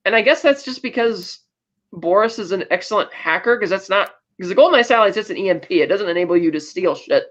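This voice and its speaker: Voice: mid-range voice, expressive, fast, a bit bright. A podcast co-host casually recapping a film, retelling scenes with loose asides and acted bits of dialogue. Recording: dull lo-fi audio.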